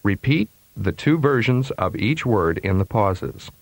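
A man with a lowish voice reads a pronunciation lesson in a measured, precise way. The recording is dry and close, with no room sound. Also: sing-song, gravelly, dry recording. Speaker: pronunciation instructor. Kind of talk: scripted instructional narration.

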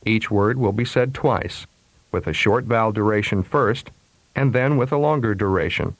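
A man with a lowish voice reads a pronunciation lesson in a measured, precise way. The recording is dry and close, with no room sound. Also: no echo. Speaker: pronunciation instructor. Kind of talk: scripted instructional narration.

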